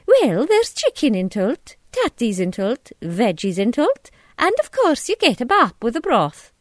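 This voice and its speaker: A woman's voice: a little high, huge pitch swings, measured pace, no echo, clean studio sound, pitched above the performer's own voice. A woman voicing a small, round, cheerful tea shop woman with a Scottish accent in a storybook reading. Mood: hearty. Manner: bright, hearty, dialect-rich.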